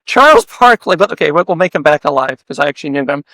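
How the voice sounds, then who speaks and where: A man's voice: fairly high pitch, big pitch swings, fast, pushed and bright, dry recording, low-quality recording. A man hosting a podcast interview, joking around and firing off playful hypothetical questions in casual chat. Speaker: podcast host.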